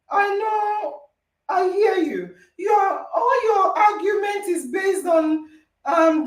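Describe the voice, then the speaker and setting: A woman hosting a podcast debate, arguing emphatically and repeating phrases for stress, recorded in an echoey room on a distant mic. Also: very high voice. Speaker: podcast host. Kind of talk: heated debate moderation.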